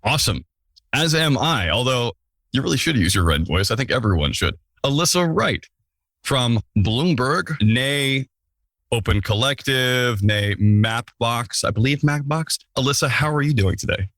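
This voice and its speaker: A man hosts a relaxed podcast in an easy middle register, tossing in playful, self-mocking remarks as he introduces his guests. His voice is recorded close and dry, with no room sound. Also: mid-range voice, a little slow, no echo. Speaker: podcast host.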